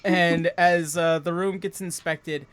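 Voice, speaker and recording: A man's voice: a little high, fairly even intonation, slow, fairly bright tone. A man acting as game master, narrating a tabletop game with lots of fillers and restarts. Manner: rambling, many fillers.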